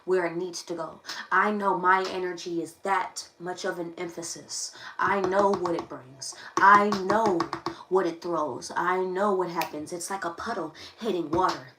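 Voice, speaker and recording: A tarot live-stream host speaks a little slowly in a lowish, steady voice, though her monologue is fervent and preachy, repeating phrases over and over. A distant mic picks her up in an echoey room with faint noise.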